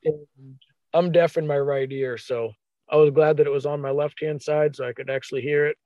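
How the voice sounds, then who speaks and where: A man telling a hunting story in a casual, animated way, acting out his own thoughts as quotes. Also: fairly high pitch, brisk, no room sound, lo-fi sound.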